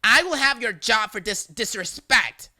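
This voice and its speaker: A storyteller voicing an entitled woman caller who shouts demands and threats down the phone. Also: fairly high pitch, animated, measured pace, pitched above the performer's own voice, heavily acted. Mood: shouting threats.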